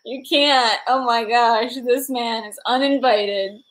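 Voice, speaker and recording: Brief: woman livestream host, slow and unhurried delivery, fairly high voice, giggly and slap-happy. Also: steady tone, a bit bright, rough recording. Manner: giggly, laughing constantly. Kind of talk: casual livestream chat.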